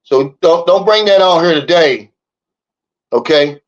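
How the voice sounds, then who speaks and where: A man's voice: fairly high pitch, unhurried, dull audio. Fired-up man ranting on a livestream. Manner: fired-up, blunt, repeats "Big Dog" and "okay?". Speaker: livestream host reading chat. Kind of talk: casual livestream talk. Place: living in the Philippines.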